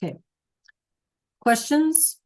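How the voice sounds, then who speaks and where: Slow, patient woman teaching a class. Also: high-pitched, very animated, darkish tone. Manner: patient, checks in often with "right?" and "okay?"; repeats key points slowly. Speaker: Spanish teacher. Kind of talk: classroom lesson.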